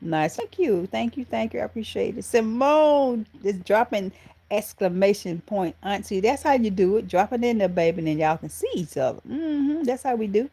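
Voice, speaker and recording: A woman's voice: mid-range voice, animated, moderate pace, mellow. A middle-aged woman with a Southern American accent, hosting a live stream and chatting with viewers, calling them honey and baby. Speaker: channel host.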